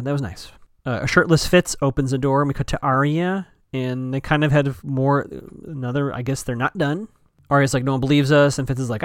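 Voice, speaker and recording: A man's voice: medium pitch, no echo. Chatty man recapping a show, dry sound. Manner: chatty, thinks aloud with frequent fillers and restarts. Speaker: podcast host recapping a TV episode. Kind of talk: casual recap commentary.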